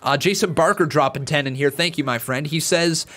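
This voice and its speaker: A man's voice: fairly high pitch, fairly quick, a bit bright. A man hosting a casual live stream, reading out donations and chatting with viewers, laughing at his own jokes. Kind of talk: casual watch-along chat with live chat.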